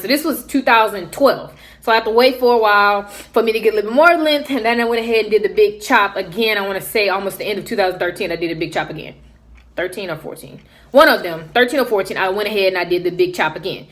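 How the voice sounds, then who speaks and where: A young adult woman vlogger telling a casual story, animated and acting out what other people said. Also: medium pitch.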